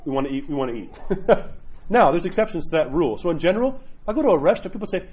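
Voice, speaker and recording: Fast-talking husky priest. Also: male voice, high voice. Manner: chatty, animated, acts out quotes. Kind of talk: casual catechism class talk.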